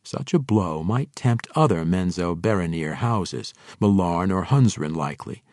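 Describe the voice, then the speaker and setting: Male audiobook narrator, very deep voice, steady fantasy read, dry close sound. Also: measured pace, dry recording.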